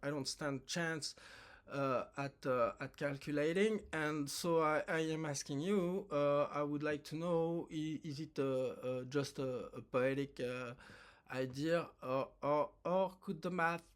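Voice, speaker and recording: A man speaks in a slightly raised voice, slowly and haltingly. He often restarts his sentences as he earnestly puts his question in a personal video message. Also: on the high side, smooth. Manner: halting, hesitant, many restarts; earnest, heartfelt. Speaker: viewer asking a question.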